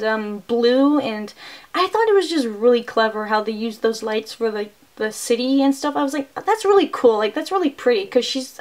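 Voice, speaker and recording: A young adult woman reviewing a movie, retelling the plot in an excitable, casual way and filling her sentences with "like". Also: fairly high pitch. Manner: chatty and excitable, heavy use of "like" fillers.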